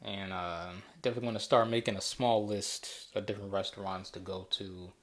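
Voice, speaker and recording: Laid-back man musing out loud. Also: low-pitched, steady tone, a little fast. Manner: rambling, with many restarts and filler words. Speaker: podcast host. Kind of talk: casual solo monologue.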